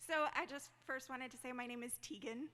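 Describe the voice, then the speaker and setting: Female fan at a convention Q&A, high and bright, polite and a little bashful, hall reverb. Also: fairly quick. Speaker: fan asking a question. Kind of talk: audience question at a panel.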